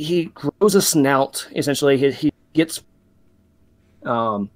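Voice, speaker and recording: A man's voice: mid-range voice, takes it slowly, no room sound. A man narrating as game master in a tabletop game, talking loosely with many fillers and restarts.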